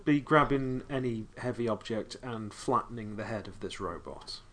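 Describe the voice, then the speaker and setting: A man's voice: medium pitch, moderate pace, fairly bright tone. A man playing a casual tabletop game, making dry jokes. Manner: dry and joking. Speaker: player.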